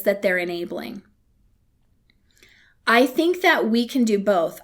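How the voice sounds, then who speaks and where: A woman hosting a podcast, teaching in a candid, conversational way with playful asides. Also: on the high side. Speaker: podcast host. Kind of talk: casual teaching talk.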